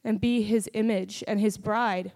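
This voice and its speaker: A woman's voice: mid-range voice, fairly even intonation, a little slow, a little mellow. A woman preaching a sermon and testifying about her own faith, earnest and building to fervent prayer.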